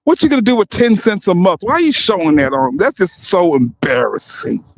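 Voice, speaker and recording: A man's voice: high-pitched, big pitch swings, a little fast, dry recording, rough recording. A young man delivering a heated, profane and mocking rant as a streamer. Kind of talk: heated ranting commentary.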